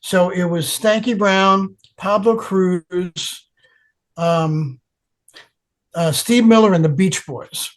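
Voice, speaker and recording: An older man, a guest guitarist, telling stories in an interview with lively acted-out voices. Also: high voice, takes it slowly. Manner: animated storyteller, acts out quoted voices. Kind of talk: storytelling interview.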